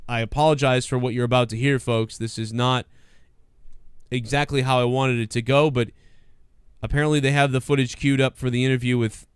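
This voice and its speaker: A man's voice: medium pitch, fairly even intonation, brisk, clean tone, no echo, studio quality. A man hosting a casual comedy podcast, rambling and joking with lots of fillers. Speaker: podcast host.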